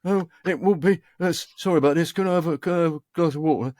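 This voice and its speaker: A man's voice: on the high side, quick pace, a little mellow, dry recording, voice pushed up, close to an everyday voice. A man voicing a nervous amateur who stammers and falters through a single line in a studio. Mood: flustered. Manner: stuttering, flustered.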